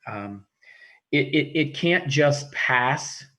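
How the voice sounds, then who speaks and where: A man, a school teacher, giving halting, heartfelt remarks at a township meeting, often restarting and searching for words. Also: medium pitch, lively intonation, a bit bright. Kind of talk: emotional public remarks at a meeting. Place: meeting room.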